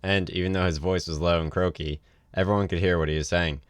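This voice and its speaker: Deep-voiced man casually reading a novel. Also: steady tone, quick pace, clear, resonant tone, no room sound, clean studio sound. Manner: casual read with ad-libbed asides. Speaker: reader. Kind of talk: reading a novel aloud on a livestream.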